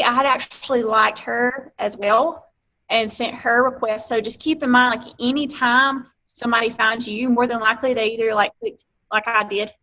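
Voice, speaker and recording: A woman with an Alabama accent gives an earnest pep talk to a team over a conference call. Her voice is bright and forceful and sits a little high. She drives her points home with emphasis. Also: rough recording. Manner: earnest, emphatic, acts out quoted exchanges. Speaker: guest speaker on a team coaching call. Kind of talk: motivational talk. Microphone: phone or computer on a conference call.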